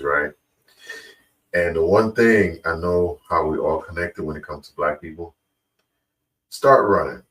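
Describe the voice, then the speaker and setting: Man, very deep voice, laid-back commentary, slightly distant from the mic. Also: fairly bright tone. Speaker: reaction video host. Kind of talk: casual commentary. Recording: voice a bit far from the mic.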